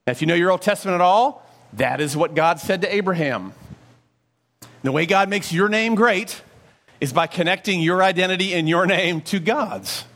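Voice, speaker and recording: A pastor with a high voice delivers his sermon in a lively, chatty manner. He often poses rhetorical questions and tosses asides to the congregation.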